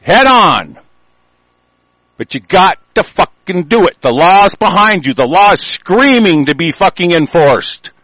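An older American man giving a profane, angry monologue, reading news aloud and commenting, swinging from low mutters to shouting. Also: sing-song, unhurried, no room sound, low-quality recording. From United States.

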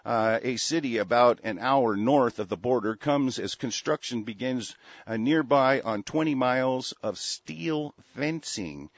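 Male American broadcaster with a husky voice, reads the news and rants profanely with lots of fillers, on dull, dry audio. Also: mid-range voice, no room sound. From United States. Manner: profane, halting, many fillers and restarts. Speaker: broadcast host. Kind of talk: angry news commentary. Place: seated at a desk.

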